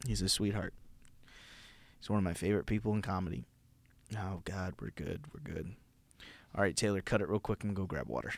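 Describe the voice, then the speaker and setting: A man's voice: fairly low pitch, a little fast, gravelly, dry recording. A man from Virginia hosting a comedy podcast, chatting in a brash, crude, rambling way. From Virginia, USA. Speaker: podcast host. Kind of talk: casual comedy podcast chat.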